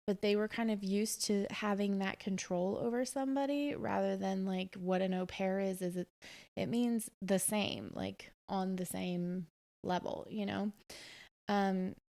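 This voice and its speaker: A woman's voice: medium pitch, fairly even intonation, a little slow, vocal fry, warm tone. A woman in her twenties casually telling a long personal story on a podcast, with lots of fillers and quoted dialogue. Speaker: podcast host.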